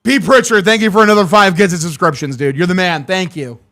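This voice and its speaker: A young man streaming a game watch-along, calling the plays and excitedly thanking his chat, swearing freely. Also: high-pitched, fast talker. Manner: hyped, profane, thanking chat. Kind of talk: live watch-along play-by-play.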